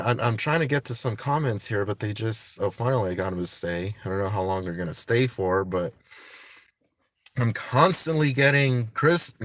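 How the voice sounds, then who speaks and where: A man's voice: medium pitch, no echo. A man chatting casually on a phone livestream, rambling with many restarts and frequent swearing.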